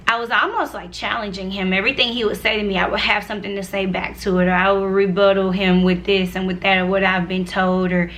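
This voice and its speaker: Bright-voiced young woman, chatty testimony. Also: medium pitch, level tone, quick pace, hardly any pauses. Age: 20s. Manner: chatty and earnest, full of "like" and asides to viewers. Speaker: vlogger sharing her faith testimony. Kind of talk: casual personal testimony.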